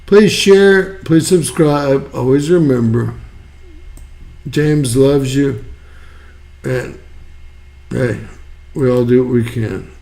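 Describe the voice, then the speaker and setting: A man's voice: medium pitch, slow, creaky, pauses often, mellow. A man hosting an online news show, giving rambling, folksy weather commentary and repeating himself. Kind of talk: casual weather commentary over a map.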